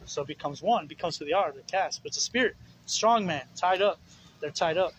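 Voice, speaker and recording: A man's voice: a little high, fairly quick, fairly bright tone, a little hiss or hum, poor audio. A man preaching informally outdoors, rambling and earnest, with many fillers. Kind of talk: informal sermon. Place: outdoors on the streets.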